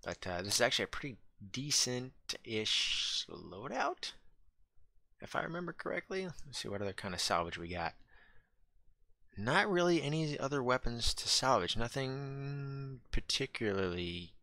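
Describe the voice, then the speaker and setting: A man's voice: mid-range voice, very animated, moderate pace, vocal fry, sharp tone, dry recording. A man casually commentating his mech game playthrough, chatty and joking, talking back to the game. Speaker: gaming channel host. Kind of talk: let's play commentary.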